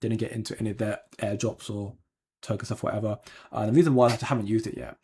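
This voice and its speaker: A crypto livestream host talks quickly in a lowish, steady, slightly mellow voice with a breathy edge. His casual replies to viewer comments ramble and hedge, peppered with ums and false starts.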